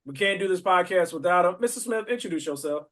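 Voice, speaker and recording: A man's voice: high-pitched, animated, quick pace, fairly bright tone. A man hosting a podcast, joking and rambling in a playful, casual way. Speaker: podcast host.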